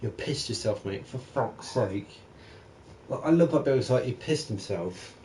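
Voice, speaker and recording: A young man chatting casually and profanely about video games, rambling and animated. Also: medium pitch, a little slow, slight background noise, low-quality recording. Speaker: gaming channel streamer.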